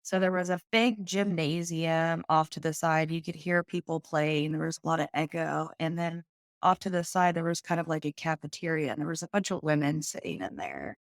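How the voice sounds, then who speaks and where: Podcast guest, woman, lower voice, candid and earnest storyteller, dry close sound. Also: normal speed, no echo. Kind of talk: personal storytelling.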